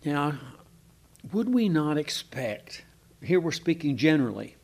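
A preacher gives informal Bible teaching to a small congregation, conversational and hesitant with many fillers, often putting questions to the room. His voice is a little high and sing-song, unhurried, with vocal fry and a darkish tone.

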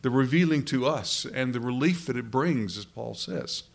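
A pastor preaching a sermon in a conversational way, often restarting phrases and asking rhetorical questions. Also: male voice, mid-range voice, lively intonation, moderate pace, gravelly.

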